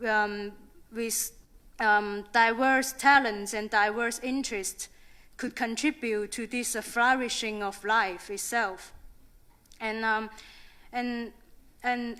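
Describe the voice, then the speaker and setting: A middle-aged woman, a native Thai speaker, giving an unscripted speech at a youth conference, pausing often with fillers and restarts. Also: a little high, fairly bright tone. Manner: hesitant, many fillers and restarts.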